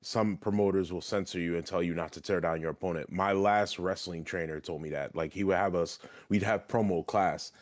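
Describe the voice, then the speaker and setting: A man's voice: low voice, steady tone, fairly quick, few pauses. A young man streaming and chatting casually, talking loosely with lots of filler "like" and plenty of swearing. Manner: loose, profane, heavy on filler "like". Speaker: streamer and wrestling trainee.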